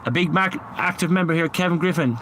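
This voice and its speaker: A man's voice: fairly high pitch, fast talker, fairly bright tone, a little hiss or hum, low-quality recording. A man working as a paranormal investigator, calling out to spirits outdoors at night near beehives and talking to his chat in a coaxing, repetitive way.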